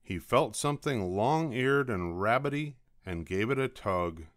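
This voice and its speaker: An older man reading a children's picture book aloud as a bedtime story, slow and expressive. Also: medium pitch, dry recording, studio quality.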